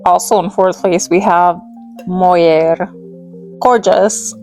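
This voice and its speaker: Giggly doll vlogger lady, gravelly fry in her voice, rambles on, little music behind. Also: on the low side, steady tone, measured pace, a little mellow. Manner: chatty and rambling, giggly, stumbles over names. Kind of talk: casual chat while restyling dolls.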